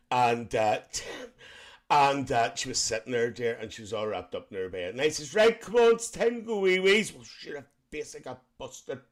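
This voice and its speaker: A man's voice: medium pitch, expressive, normal speed, lightly acted. A man voicing a cheeky, gossipy middle-aged Northern Irish aunty who chats with live-stream viewers and calls them dear. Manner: chatty, calls everyone dear, laughs often. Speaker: livestream host.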